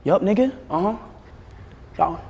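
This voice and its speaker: Excitable young man, wildly swinging pitch. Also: a little slow, gravelly. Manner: excitable, swings from shrieks to low mutters. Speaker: streamer. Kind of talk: casual livestream chat. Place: indoors at home with pets. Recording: echoey room, faint background noise.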